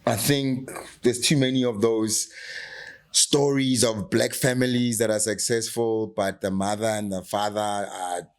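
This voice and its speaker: A man's voice: on the low side, steady tone, unhurried. Passionate South African man, emphatic. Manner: passionate, emphatic, argues with rhetorical questions. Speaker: actor, podcast guest. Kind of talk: candid podcast conversation.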